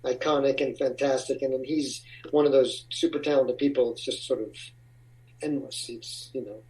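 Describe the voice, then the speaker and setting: A man's voice: medium pitch, steady tone, normal speed, a little mellow, far from the mic, poor audio. A man being interviewed about his acting career, talking casually in rambling, restarting sentences. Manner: rambling, with frequent restarts and laughs. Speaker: actor, interview guest.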